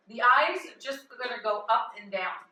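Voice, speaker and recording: A woman yoga teacher guiding a live chair yoga class with gentle, chatty instructions and easy laughs. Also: a little high. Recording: echoey room, voice from a distance.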